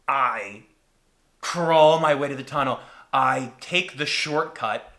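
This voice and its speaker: A young man hosting a podcast, telling a story in an animated, casual way and acting out his own reactions dramatically. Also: medium pitch, slow, gravelly. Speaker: podcast host.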